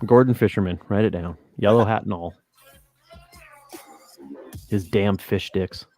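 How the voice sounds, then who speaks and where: A man's voice: on the low side, measured pace, darkish tone, faint music behind. A man co-hosting a casual podcast stream, joking and arguing playfully with friends. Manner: joking, quotes movie lines, argues playfully. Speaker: podcast co-host. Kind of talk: casual chat on a livestream.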